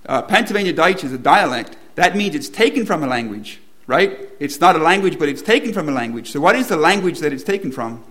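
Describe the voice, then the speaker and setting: Man, preacher, slightly high voice, sermon to a congregation, repeats key lines with emphasis. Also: lively intonation, fairly quick, few pauses, a bit bright. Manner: asks the congregation questions, builds to emphatic repetition. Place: church room with congregation.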